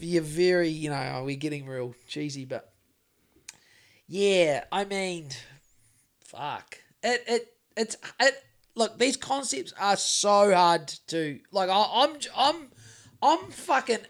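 This New Zealand podcast co-host has a high, slightly bright voice. He chats casually, rambling along with plenty of swearing and frequent restarts.

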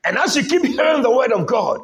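A man's voice: very high-pitched, sing-song, a little fast. A man preaching a sermon to a church congregation, calling out for responses and repeating his lines. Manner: repetitive call-and-response exhortation. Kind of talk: shouted sermon. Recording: loud crowd and noise in a live church.

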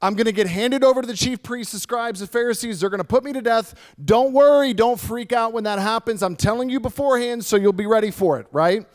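A preacher voicing a calm, matter-of-fact teacher. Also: male voice, extremely high pitch, fairly quick, hardly any pauses. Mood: reassuring. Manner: plain, matter-of-fact, casual modern phrasing. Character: calm, reassuring male teacher foretelling his death.

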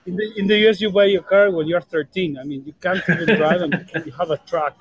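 A man's voice: high-pitched, steady tone, fast, slightly rough, no echo, dull audio. A man from Argentina calling in to a podcast from a bar, chatting and teasing his co-hosts. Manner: joking, teasing banter. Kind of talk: casual chat.

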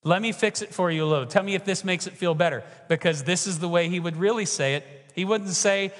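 High-pitched guy preaching, lots of questions to the crowd, echoey church hall. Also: brisk, hardly any pauses. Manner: emphatic preaching, rhetorical questions to the congregation. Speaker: pastor. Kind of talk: sermon. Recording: long reverb of a large hall.

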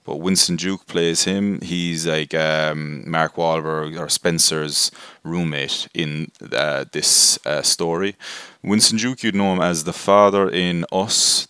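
A man's voice: low-pitched, steady tone, slow pace, pushed and bright, clean tone, no room sound, studio quality. A man hosting a casual film review podcast, rambling and self-deprecating with lots of fillers. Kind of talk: casual spoken movie review.

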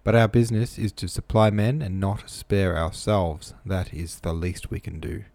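A man reading aloud the lines of a brisk, commanding Russian count in a storybook reading. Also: low voice, steady tone, a little mellow, no room sound. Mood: firm.

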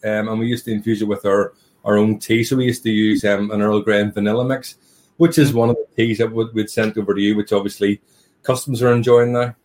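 This man is a guest on a relaxed interview, and his voice sits a little low. He chats easily and tells anecdotes with a wry, self-mocking humor. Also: fast talker. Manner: joking, self-deprecating storyteller. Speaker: tea business owner, guest. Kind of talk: casual interview chat.

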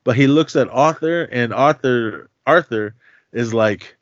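Male podcast host, mid-pitched, loose and slangy movie talk, dull lo-fi dry recording. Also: unhurried, dry recording. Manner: loose and chatty, with many fillers and slangy asides. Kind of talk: casual movie recap chat.

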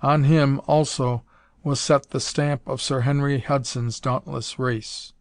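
A man narrating an adventure novel aloud in a measured, even storytelling manner. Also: mid-range voice, no room sound. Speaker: audiobook narrator. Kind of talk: scripted narration.

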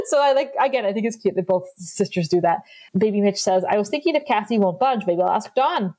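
A woman's voice: medium pitch, expressive, fairly quick, a little mellow. A woman co-hosting a casual podcast, retelling scenes with quoted lines and laughing often. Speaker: podcast co-host. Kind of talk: casual recap chat.

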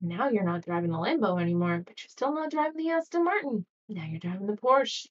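Gentle woman coaching from a distance. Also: medium pitch, expressive, a little fast, lo-fi sound. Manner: gentle, coaching, acts out anxious inner voices. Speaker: podcast host. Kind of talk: motivational solo podcast talk.

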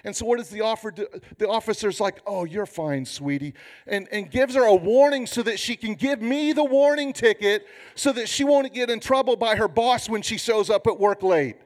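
A man in his fifties, a pastor preaching a sermon with humorous, animated storytelling. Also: high-pitched, brisk, few pauses.

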